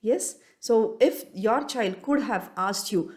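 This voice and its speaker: A woman's voice: fairly high pitch, takes it slowly, darkish tone. A woman, a parenting coach talking straight to parents in an earnest, questioning way, often restarting and repeating her phrases. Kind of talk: solo talk to parents.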